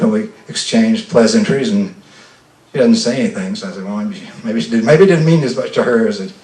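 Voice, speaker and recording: An older Southern man with a mid-range, somewhat dark voice tells a folksy, self-deprecating story live before a festival audience, frequently stammering and starting over. A distant mic gives the recording a roomy sound.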